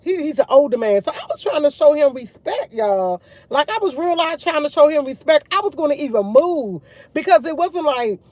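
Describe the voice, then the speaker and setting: High-voiced woman telling a story animatedly. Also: moderate pace, hardly any pauses, dry recording. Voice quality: frequent swearing and slang. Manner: animated, emphatic retelling with repeated asides. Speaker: vlogger addressing her viewers. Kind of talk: casual storytelling chat.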